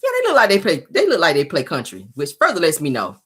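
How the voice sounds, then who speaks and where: A woman's voice: deep voice, wildly swooping pitch, fast, fairly bright tone, slightly rough. A woman hosting a casual celebrity gossip show, sassy and teasing, laughing often as she reacts to viewer comments. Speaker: show host.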